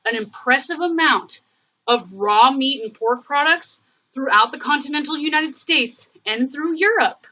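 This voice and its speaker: Rambling bright-voiced woman livestreaming. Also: high voice, a little slow, muffled recording. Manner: rambling, thinks aloud with many fillers. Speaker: livestream host. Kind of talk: casual livestream chat.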